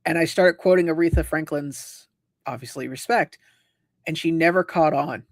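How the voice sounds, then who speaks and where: Gravelly guy on a livestream, dry close mic, rambling through funny stories and doing the voices. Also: a little high, unhurried, fairly bright tone, no room sound. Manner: rambling storyteller, acts out quoted voices. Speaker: livestream host. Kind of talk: casual chat.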